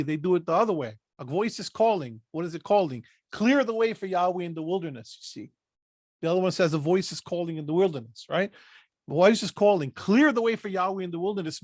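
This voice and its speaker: A man's voice: sits high, no echo, clean studio sound. A man leading a Bible study, reading scripture aloud and breaking in with short emphatic asides. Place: lives in Pennsylvania.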